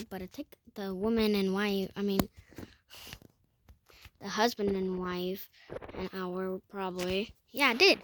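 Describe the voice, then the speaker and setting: A woman's voice: medium pitch, pushed and bright. A woman telling a storytime vlog in a rambling way, full of fillers and self-corrections. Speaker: vlogger.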